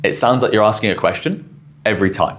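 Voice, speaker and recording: A man with a southwest English accent talks through a podcast clip he recorded, breaking down what was said. His voice sits very low, and he speaks quickly and explains as he goes, often restarting his sentences. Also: fairly bright tone. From southwest England. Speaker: podcast host reviewing a clip.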